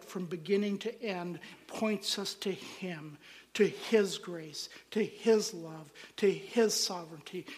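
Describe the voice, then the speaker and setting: A man with a high voice preaches slowly and deliberately. His lines fall away into near-whispers, and each word rings on in the long reverb of a church hall. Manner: emphatic preaching, phrases trailing off to near-whispers. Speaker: pastor. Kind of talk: sermon.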